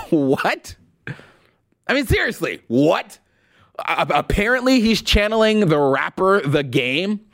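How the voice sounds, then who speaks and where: A male show host delivering opinion commentary in a sarcastic, mocking tone. His pitch sits a little high and swings widely as he reacts with disbelief. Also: big pitch swings, slow pace, a bit bright.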